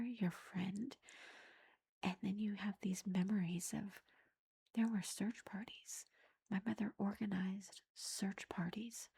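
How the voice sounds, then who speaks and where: A woman giving a whispered ASMR book review, retelling the plot in a soft unvoiced whisper and rambling with lots of "like" and "you know". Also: mid-range voice, husky.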